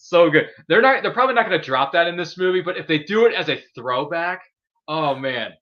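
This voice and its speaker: A man hosting a casual podcast chat about movies, excitable and gushing, talking in quick bursts. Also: a little high, dull audio. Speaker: podcast host.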